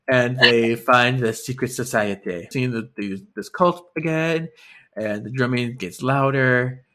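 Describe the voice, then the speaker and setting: A man's voice: medium pitch, slow pace. Man animatedly retelling a story. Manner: animated storytelling full of "like" and laughter. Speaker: podcast co-host. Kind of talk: casual chat retelling a book.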